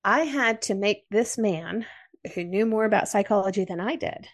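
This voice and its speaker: A woman with an American accent, a podcast guest, telling a personal story in an interview in an earnest, measured way. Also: mid-range voice.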